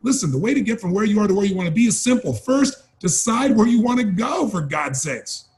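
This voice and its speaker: A man's voice: sits high, very animated, a little fast, darkish tone. A man giving an emphatic motivational training talk, urging and repeating key phrases. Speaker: motivational speaker.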